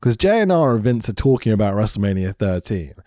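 A man's voice: fairly low pitch, big pitch swings, fast talker, warm tone, no room sound, clean studio sound. A man recovering from a throat infection, co-hosting a casual chat and laughing often. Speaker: podcast co-host.

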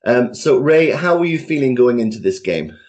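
Podcast host asking questions. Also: male voice, mid-range voice, big pitch swings, moderate pace, a little mellow. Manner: leads with questions. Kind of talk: casual football chat.

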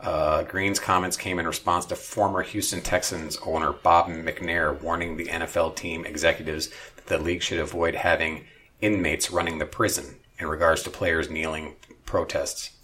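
A man's voice: sits low, level tone, moderate pace, bright, forceful tone. A man co-hosting a talk show, reading out news stories and breaking into sarcastic asides. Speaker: co-host. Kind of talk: news commentary and banter.

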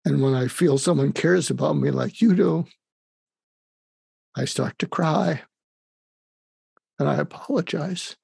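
Older male interview guest with a husky, gravelly voice. He speaks calmly and hesitantly, and the sound is dry. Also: fairly high pitch, no echo. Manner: calm, halting, with frequent pauses and fillers. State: facing terminal illness. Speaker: guest, psychiatrist and author. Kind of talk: emotional conversational interview.

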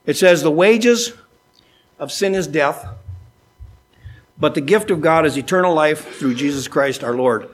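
Folksy preacher acting out dialogues. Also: male voice, a little slow, pauses often. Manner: folksy, acts out dialogues with changing pitch. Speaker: pastor. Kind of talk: sermon. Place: church sanctuary.

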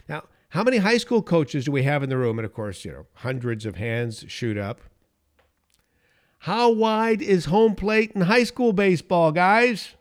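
A man hosting a podcast, telling a story in an animated way and chuckling as he goes. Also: medium pitch, normal speed. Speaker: podcast host.

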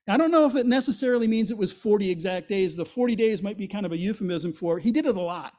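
A man's voice: sits high, animated, quick pace, mellow. A man preaching a sermon as pastor, in a conversational, explanatory way, asking rhetorical questions and voicing the quotes he reads. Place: church.

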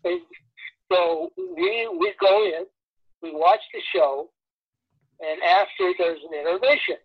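A man with a very high-pitched, creaky voice takes his time telling casual anecdotes about his years as a record promotion man, acting out the voices of the people in his stories. The recording is dull, lo-fi and dry, with no echo.

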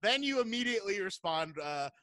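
A man's voice: high voice, very animated, a little fast, pushed and bright, no echo. A man hosting a casual podcast chat, laughing often and telling stories with swearing. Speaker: podcast host.

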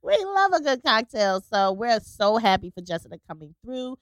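Woman co-host, bubbly and animated, smooth dry voice. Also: a little high, no echo. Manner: bubbly, enthusiastic, quick to laugh. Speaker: podcast co-host. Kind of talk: casual podcast chat.

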